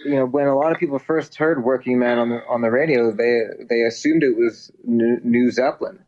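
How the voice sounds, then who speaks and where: A man's voice: mid-range voice, fairly quick, darkish tone. A man, a musician, chatting casually and joking, full of filler words. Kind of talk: casual chat. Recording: muffled lo-fi audio with faint noise.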